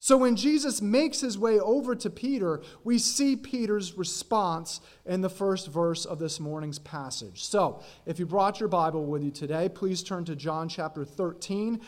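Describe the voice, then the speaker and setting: A male pastor preaching at an unhurried, deliberate pace, his voice sitting high for a man. He speaks earnestly, explaining scripture and now and then acting out quoted lines for emphasis. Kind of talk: sermon. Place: church sanctuary.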